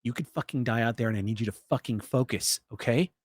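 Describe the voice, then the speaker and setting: A man's voice: fairly low pitch, normal speed, a little hiss or hum, natural voice. A man voicing a tough, blunt female camp boss who swears a lot. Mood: gruff.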